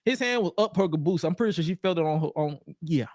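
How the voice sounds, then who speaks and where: A man with a fairly high voice recaps wrestling on a podcast. His storytelling is animated, and he keeps slipping into put-on voices for the quotes. The sound is dry and close. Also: quick pace, no echo. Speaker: podcast co-host.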